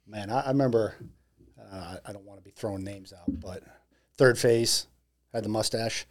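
A man's voice: lowish voice, normal speed. A middle-aged man as an interview guest in casual chat, reflective and earnest, often restarting his sentences.

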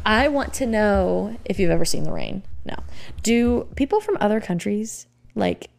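A woman co-hosting a podcast, telling stories in a giggly, animated way. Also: mid-range voice, normal speed, gravelly, a little hiss or hum. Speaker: podcast co-host. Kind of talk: casual chat.

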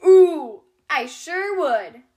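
Casting: a woman playing a squeaky, eager young dinosaur toy who begs and stammers, storybook read-aloud. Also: expressive, extremely slow, warm tone, full character voice. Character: excitable big young male dinosaur toy.

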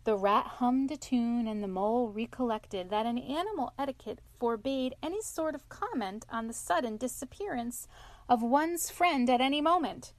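A woman narrates a classic animal tale in a gentle, measured manner. Her voice sits fairly high. The recording is dry, close and free of room sound. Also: expressive, no echo. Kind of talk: storybook reading.

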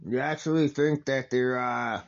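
A man's voice: mid-range voice, steady tone, unhurried, muffled recording. A man hosting a casual wrestling watch-along, talking over the match in a rambling, enthusiastic way and correcting himself often.

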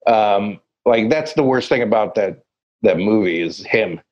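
A man's voice: lowish voice, a little slow, a little mellow, lo-fi sound. Man rambling in casual chat. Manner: rambling, searches for words with many fillers.

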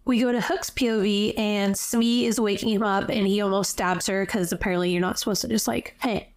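A young woman chatting through a book recap with her co-host. She tells the story in a breezy, loose way, full of "like", in a voice of ordinary pitch. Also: steady tone, a little fast. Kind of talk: casual chat recapping a book.

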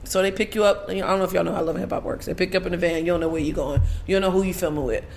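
A woman guest on a casual interview show, telling a story in a profane, animated way with frequent laughter. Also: fairly low pitch, racing, vocal fry, very noisy. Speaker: podcast guest.

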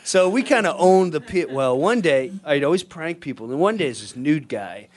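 A middle-aged man hosting a talk show, telling a comic story in an animated way, laughing and breaking into shouted voices. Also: fairly high pitch, moderate pace. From New York area. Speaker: radio show host.

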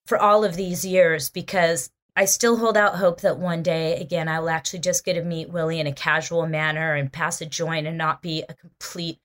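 A woman musician, a guest on an interview show, telling a story in an animated, expressive way. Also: low-pitched, normal speed, few pauses.

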